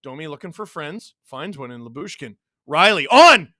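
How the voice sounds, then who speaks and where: A man from Canada hosting a live hockey watch-along, mixing excited play-by-play with reading chat messages and shouting on big plays. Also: on the high side, fairly quick, no echo, clean studio sound. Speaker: livestream host watching a hockey game.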